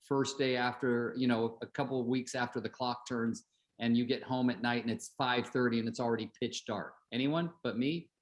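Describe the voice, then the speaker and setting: A middle-aged man coaching real estate agents on a group call, chatty, telling stories and asking the group questions. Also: mid-range voice.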